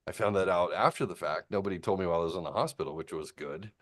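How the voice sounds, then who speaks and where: Deep-voiced man telling a rambling story. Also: quick pace, a bit bright. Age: 50s. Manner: rambling storyteller, many restarts; acts out quoted people in a raised voice. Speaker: host. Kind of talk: casual chat.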